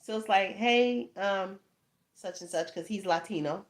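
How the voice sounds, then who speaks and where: A woman in her thirties who hosts a tarot channel tells a casual story in a mid-range voice at a measured pace, with a little hiss or hum. She is animated, laughs, swears freely, and often asks "you know what I'm saying".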